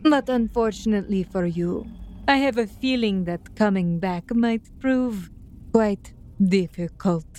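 Brief: a sneering noble lady, voiced by a woman player, slow scornful delivery, faint hum behind. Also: mid-range voice, a little mellow, natural voice. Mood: disdainful. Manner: disdainful, drawling, sarcastic. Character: haughty cruel aristocratic noblewoman.

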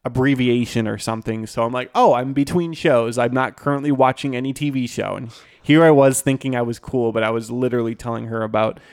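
A man's voice: mid-range voice, steady tone, fast talker, few pauses, clean tone. A young man co-hosting a podcast, telling a story in a casual, chatty, self-deprecating way with lots of fillers. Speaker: podcast co-host.

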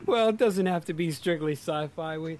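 A man's voice: on the high side, moderate pace, a little mellow. A man from Western Massachusetts hosting a casual chat, laid-back and easily amused, asking follow-up questions.

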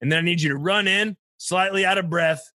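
A man's voice: sits high, fairly quick, bright, forceful tone, no room sound, clean studio sound. A man improvising a comedy scene as a commanding officer, briefing his team in a bossy tone that keeps asking "okay?".

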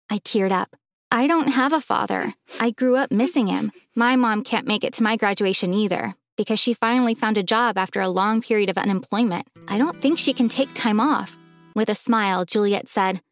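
A woman telling a first-person story in an expressive, dramatic scripted narration. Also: medium pitch, moderate pace, no room sound, studio quality.

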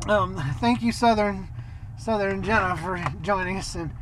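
A woman's voice: medium pitch, normal speed, noisy background. A woman hosting a family podcast, telling stories in a rambling, chuckling way. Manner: rambling, chuckling storyteller with restarts. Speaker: podcast host. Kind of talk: casual family podcast chat and storytelling.

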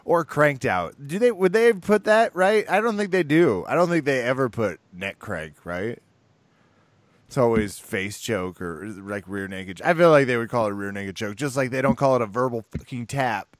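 A man's voice: mid-range voice, normal speed, no echo. A man co-hosting a fight podcast, chatting casually with blunt, profane enthusiasm. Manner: animated, profane fight talk. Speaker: podcast co-host. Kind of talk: casual chat.

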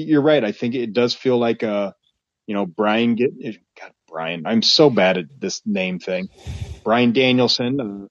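Male co-host, slightly raspy, hesitant casual chat, dull dry recording. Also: on the low side, no room sound. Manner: hesitant, restarts a lot. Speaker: podcast co-host.

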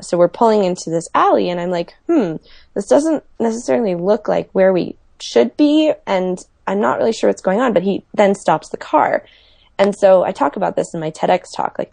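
A woman with a low, gravelly voice tells travel stories in a relaxed, chatty way, full of fillers. Her voice sounds dry and close to the mic. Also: brisk, dry recording. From United States. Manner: chatty storyteller, many fillers. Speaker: guest telling travel stories. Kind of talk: casual podcast chat.

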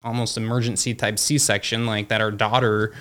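In a lowish, fairly bright voice with flat delivery at normal speed, a male company founder tells a guest story casually. He uses plenty of "like" and "you know," and he dramatizes the quoted dialogue.

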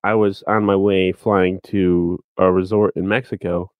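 Male co-host, low voice, relaxed sports talker, dry recording. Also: a little slow, no room sound, narrow, tinny audio. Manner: relaxed, breaks into argued points. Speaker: podcast co-host. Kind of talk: casual chat and sports analysis.

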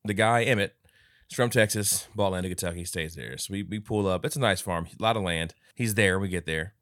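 A podcast co-host with a low voice tells stories in casual chat at a brisk clip, swearing a lot and animatedly acting out the people in them. The studio-quality recording has no echo.

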